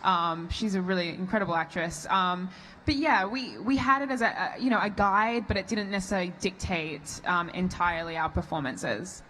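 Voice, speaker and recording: A woman's voice: lowish voice, moderate pace, slight background noise, rough recording. A woman in her twenties with an Australian accent, an actress answering fan questions in a chatty way. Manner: warm, chatty, many fillers. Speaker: actress on a convention panel. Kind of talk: casual panel Q&A. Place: convention hall on stage.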